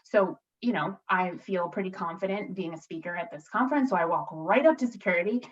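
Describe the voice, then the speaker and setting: A woman's voice: fairly low pitch, a little fast. Earnest woman, distant and muffled. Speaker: improv performer. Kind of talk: storytelling monologue.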